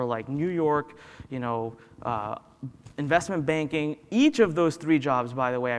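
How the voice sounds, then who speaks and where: A man giving a motivational talk, telling personal stories and acting out the dialogue in them. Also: medium pitch. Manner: animated storyteller who acts out dialogue. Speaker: motivational business speaker. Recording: long hall reverb.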